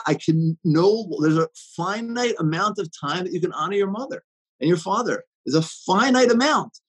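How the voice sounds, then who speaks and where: A man's voice: fairly high pitch, slightly rough, low-quality recording. A man giving an inspirational talk, telling stories with many fillers and restarts.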